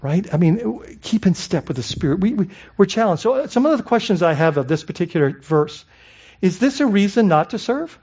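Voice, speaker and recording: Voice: mid-range voice, big pitch swings, fairly quick, darkish tone, slightly rough, muffled recording. A pastor preaching a sermon in a conversational way, asking the congregation rhetorical questions and often adding "I mean" and "right?".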